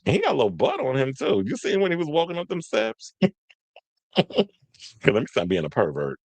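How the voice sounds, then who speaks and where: Lively, gossipy man hosting pop-culture chat. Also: fairly high pitch, normal speed, no room sound. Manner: playful, gossipy, laughs often, mock-swooning asides. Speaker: host.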